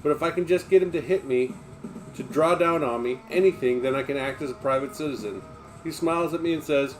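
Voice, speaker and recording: A man's voice: a little high, a little fast, faint music behind. A man reading a memoir aloud on a livestream, in an emphatic, blunt manner with plenty of swearing.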